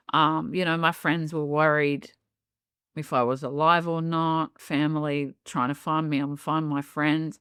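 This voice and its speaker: A woman's voice: low-pitched, no echo, clean studio sound. A middle-aged woman telling her own life story as a podcast guest. She speaks openly and reflectively, with frequent "um" and "you know". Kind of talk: candid personal storytelling in a podcast interview.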